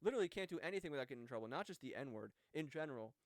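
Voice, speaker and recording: A man's voice: medium pitch, animated, rapid-fire, no echo. A young American man in his twenties, co-hosting a casual podcast chat. He rambles, restarting his sentences and filling gaps with fillers. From United States. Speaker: podcast co-host.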